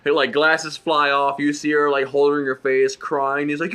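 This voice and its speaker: A man co-hosting casual gaming commentary, retelling stories in an animated way and acting out the voices. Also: a little high, moderate pace, a little hiss or hum. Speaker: co-host.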